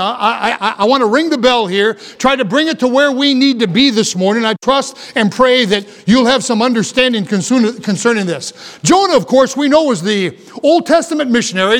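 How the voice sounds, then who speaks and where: A man's voice: very high voice, a bit bright. A middle-aged man preaching a sermon as pastor, earnest and emphatic, with repeated phrases.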